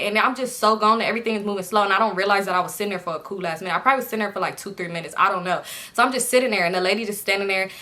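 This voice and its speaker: Bright-voiced young woman telling a story. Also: mid-range voice. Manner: animated, laughing, slangy, addresses viewers as y'all. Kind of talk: casual storytelling to viewers.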